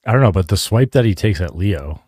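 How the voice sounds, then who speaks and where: A man's voice: sits low, animated, fairly quick, darkish tone, husky, dry recording, clean studio sound. A man co-hosting a podcast who chats casually about an episode, hedging his points and joking with a bit of swearing. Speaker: podcast co-host.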